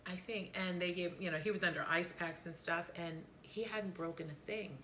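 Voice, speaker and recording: Middle-aged woman, co-host, bright and animated, casual storyteller. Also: normal speed, a little hiss or hum. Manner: animated, voice jumps high when quoting. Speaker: podcast co-host.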